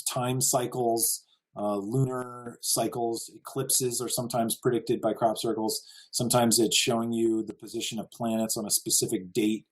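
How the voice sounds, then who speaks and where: An American man with a lowish voice presents a casual slideshow lecture over poor audio. He sounds earnest and amazed, with occasional chuckles.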